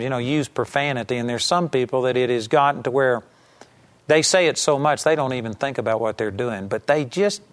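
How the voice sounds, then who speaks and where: A man preaching a sermon, reading scripture slowly and with emphasis, then explaining it in plain, earnest talk. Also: on the high side.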